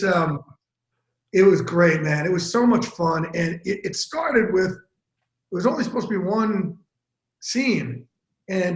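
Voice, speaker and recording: A man telling stories as a guest in a casual, profane interview, animated and quick. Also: sits high, roomy sound, rough recording. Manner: animated, profane, fast-talking storyteller. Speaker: interview guest, sports broadcaster. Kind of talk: casual storytelling chat.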